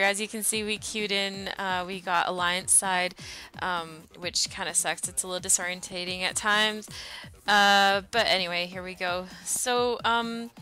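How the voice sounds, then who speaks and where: Woman gamer, casual chatty commentary, bright forceful tone, faint music under the voice. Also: mid-range voice. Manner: chatty and upbeat, with frequent ums and uhs. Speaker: gamer narrating her match footage. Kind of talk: casual gameplay commentary voice-over.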